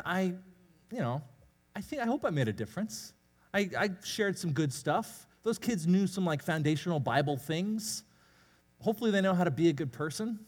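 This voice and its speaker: Male pastor, casual confessional sermon, animated delivery, big church reverb. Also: high-pitched. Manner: candid, self-deprecating, conversational preaching. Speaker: youth pastor. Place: church sanctuary. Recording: long hall reverb.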